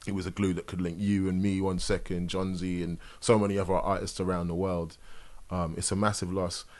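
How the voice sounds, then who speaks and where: A man hosting a casual interview, talking in a soft, reflective way that often drops to a murmur. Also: low-pitched, little pitch movement, a little fast. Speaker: host. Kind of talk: casual video-call interview.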